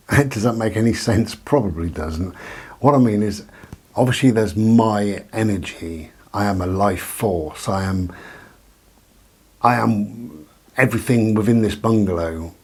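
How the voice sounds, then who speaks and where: A man's voice: fairly low pitch, a little slow, a little mellow, husky. A man rambling at home about his new crystal in a hesitant, reflective monologue, with frequent ums. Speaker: vlogger. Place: living room of his bungalow.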